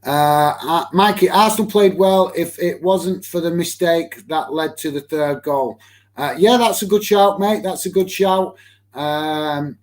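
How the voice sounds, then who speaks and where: Chatty Lancashire lad reading stream comments. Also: male voice, on the high side, measured pace. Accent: Lancashire English. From Lancashire, England. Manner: chatty, many fillers and restarts, calls viewers mate. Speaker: football watch-along streamer. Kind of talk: casual live-stream chat reading comments.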